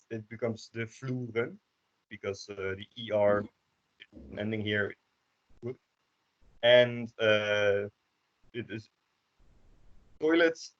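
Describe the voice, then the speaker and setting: A Dutch man teaching a language class online, explaining slowly with many hesitations. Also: medium pitch, fairly bright tone. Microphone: computer microphone on a video call. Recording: dull lo-fi call audio.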